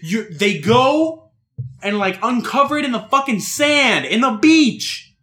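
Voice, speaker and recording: High, bright-voiced young man, loud and profane. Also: a little slow. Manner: animated, profane, mocking put-on voices. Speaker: podcast co-host. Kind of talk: casual chat.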